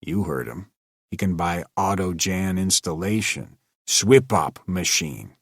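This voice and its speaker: A man voicing a gloomy old actor turned janitor, speaking quietly, weary and sour. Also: deep voice, expressive, slow, creaky, slightly rough, no room sound, studio quality, heavily acted.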